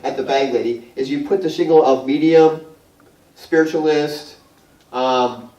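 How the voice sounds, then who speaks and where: A man with a New York accent telling a long, animated story to a small group, rambling with restarts and laughter. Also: a little high, a little slow. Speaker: guest speaker. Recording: roomy hall, mic far off.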